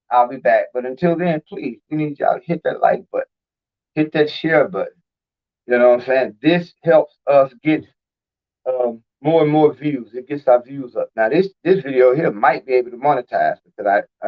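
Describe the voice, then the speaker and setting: A man hosting his own video, talking in a rambling, heartfelt, informal way. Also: medium pitch. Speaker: video host. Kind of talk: casual live-stream talk. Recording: dull lo-fi recording.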